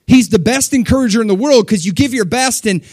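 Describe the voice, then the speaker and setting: A middle-aged man preaching a sermon, talking loosely and acting out voices with sudden jumps in pitch. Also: fast talker, no echo, clean studio sound. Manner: animated, acts out voices of people and God with sudden pitch jumps. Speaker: pastor.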